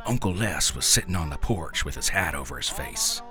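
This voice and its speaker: A man narrating a story in a deadpan, folksy dialect delivery. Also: a bass voice, a little fast. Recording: dry close mic, faint music.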